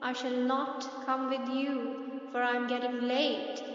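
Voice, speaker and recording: A woman's voice: high-pitched, level tone, moderate pace, lightly acted. A woman voicing a frightened old man, a village priest, who speaks with hesitant fear. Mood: fearful. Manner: fearful, hesitant pleading. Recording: echoey hall, distant dull mic.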